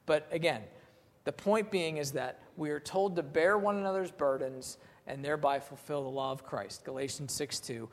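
A man preaching in an easygoing, plain-spoken manner. He reads scripture aloud slowly and talks with his listeners as if chatting. His slightly higher voice carries a long reverb off the walls. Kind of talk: sermon.

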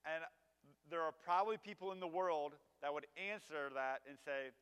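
A preacher gives a casual, conversational sermon full of fillers, putting questions to his audience. His voice is fairly high, bright, and clean, a little fast, and the recording has a long hall reverb.

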